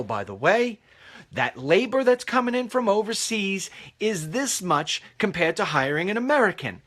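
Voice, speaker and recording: With a high-pitched, fairly bright voice, a middle-aged host gives walking commentary outside for his talk show. He comes across as emphatic and preachy and says the same things repeatedly.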